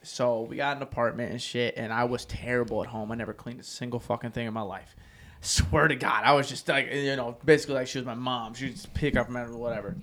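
Swearing, excitable man on a podcast. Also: mid-range voice, quick pace. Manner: profane, blunt and excitable. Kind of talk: casual podcast chat.

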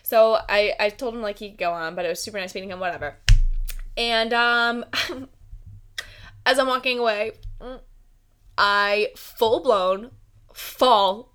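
A woman's voice: a little high, normal speed, long pauses, fairly bright tone, clean tone. Chatty young American woman podcast host. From United States. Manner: chatty, giggly, full of "like" fillers. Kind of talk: casual solo podcast chat.

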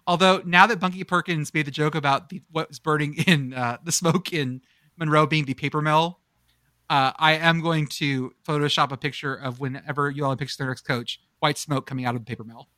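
A man with a bright, somewhat high voice hosts a casual sports podcast. He jokes and teases his co-hosts, and he reads out game scores with excitable energy. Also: fairly quick, dry recording, clean studio sound. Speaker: podcast host.

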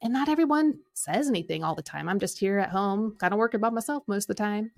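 A middle-aged woman coaching and telling a personal story in an animated way, acting out quoted lines. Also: medium pitch, fast, vocal fry. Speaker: Enneagram coach and podcast host.

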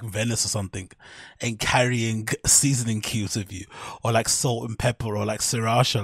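A husky-voiced man rambles through a solo podcast in a loose, profane way, full of fillers and amused laughter. His voice sits at an ordinary pitch and is recorded dry and close, with no room sound. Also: no echo. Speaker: podcast host.

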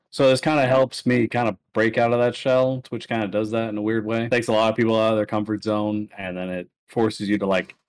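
A man's voice: lowish voice, steady tone, fairly quick, dry recording. A man, a soldier in his thirties with kids, telling laid-back stories on a podcast and laughing through them. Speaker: podcast guest, army soldier. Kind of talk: casual storytelling.

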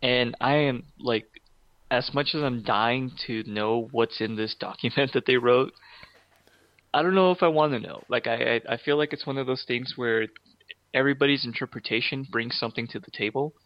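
A man's voice: mid-range voice, normal speed, no room sound. Man in casual chat, rambling, enthusiastic, dry muffled lo-fi sound. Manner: rambling, enthusiastic, many fillers.

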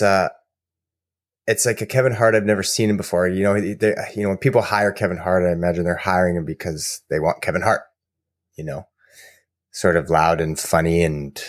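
A man co-hosting a podcast, telling rambling, animated stories in casual chat. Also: low-pitched, dry recording, studio quality. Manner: rambling, animated storyteller with fillers. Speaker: podcast co-host.

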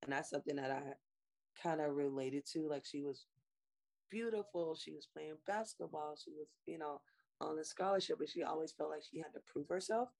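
A young woman in casual chat, relaxed and slangy, often pausing with fillers to search for words. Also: deep voice, creaky.

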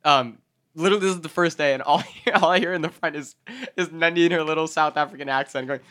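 A man hosts a casual podcast with a bright, slightly high voice. He laughs a lot and keeps steering the chat to the next topic. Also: fast, smooth. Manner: laughs often, moves topics along. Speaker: podcast host.

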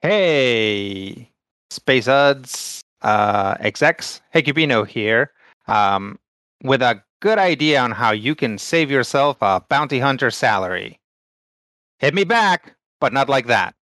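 Man voicing a brash hustler, breezy salesman talk, bright voice, dry sound. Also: mid-range voice, lively intonation, slow, no echo. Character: Cubino, a brash male character leaving a pitch message.

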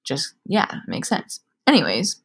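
A woman's voice: deep voice, huge pitch swings, a little slow, vocal fry, breathy edge. Chatty young woman telling a story. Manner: chatty storytelling, frequent "like" and swearing. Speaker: podcast co-host. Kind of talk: casual chat over drinks.

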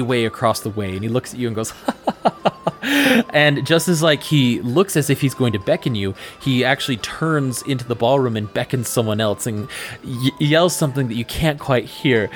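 Male game master and podcast host, mid-range voice, casual rambling narration, faint music underneath. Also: medium pitch. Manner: casual, rambling, with many fillers and restarts.

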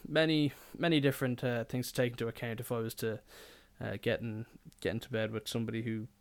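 Young man, podcast host, smooth resonant voice, rambling and jokey, swears freely. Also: mid-range voice, level tone, fast. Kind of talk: casual podcast monologue.

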